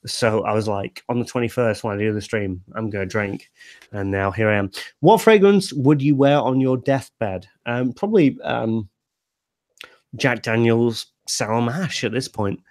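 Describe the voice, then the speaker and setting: A man's voice: mid-range voice, lively intonation, measured pace, a little mellow, no echo, clean studio sound. Tipsy man rambling as livestream host. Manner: rambling with many fillers and restarts. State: tipsy, slurring. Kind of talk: casual group livestream chat.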